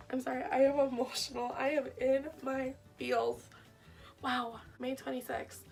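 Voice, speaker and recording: High, gravelly young woman, wry. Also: steady tone, normal speed, a little mellow, recorded from a distance, faint music behind. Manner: self-mocking, wry, laughs at herself. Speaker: vlogger. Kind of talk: casual chat, reading old diary aloud.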